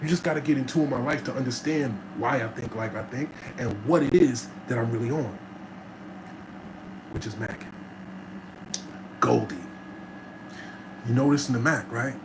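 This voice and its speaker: A man telling stories in an animated, slangy way, often checking in with "right?" as an interview guest. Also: medium pitch. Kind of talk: casual storytelling chat. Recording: noticeable background noise.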